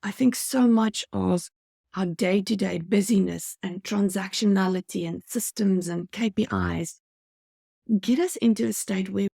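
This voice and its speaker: A woman's voice: medium pitch, vocal fry, warm tone, breathy edge, no echo, studio quality. A woman giving a motivational customer service training talk, earnest and coaching, speaking straight to her viewers.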